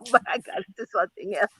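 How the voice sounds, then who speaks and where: A woman's voice: mid-range voice, moderate pace, a bit bright, husky, dry recording, rough recording. A middle-aged woman from the Virgin Islands with a Virgin Islands accent, a military officer telling stories as a guest in a casual interview. She talks emphatically and leans on "you know" and "you understand.".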